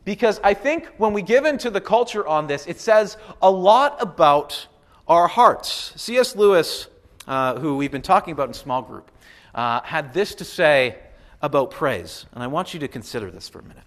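A high-pitched man preaching a sermon. He is animated and emphatic, drives his points home with repetition, and slips into quick acted-out voices of others. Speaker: pastor.

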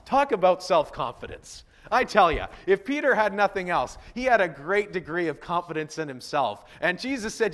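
A man preaching a sermon as a pastor, animated and acting out the voices of figures from the Bible. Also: high voice, moderate pace.

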